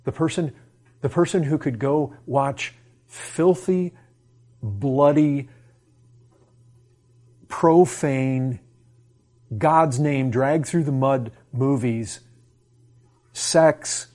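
A male preacher delivering an impassioned sermon. He presses his listeners with one rhetorical question after another, swinging between hushed, slow lines and loud, quick bursts. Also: medium pitch.

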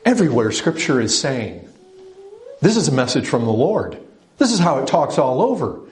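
A man's voice: medium pitch, sing-song, moderate pace. Emphatic preacher man in an echoey room. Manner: emphatic, asks the listeners direct questions. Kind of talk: sermon.

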